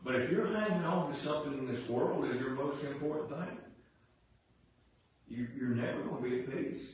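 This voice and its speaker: A man preaching a fervent sermon in a folksy, repetitive way that builds to impassioned shouting. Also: medium pitch, normal speed, slight background noise. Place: church sanctuary. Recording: very echoey church sound from far off, dull.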